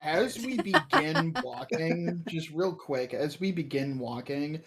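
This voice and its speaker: A player in a tabletop game, describing an action in a halting, hesitant way. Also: medium pitch, animated, a loud crowd. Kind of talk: casual chat in a tabletop game.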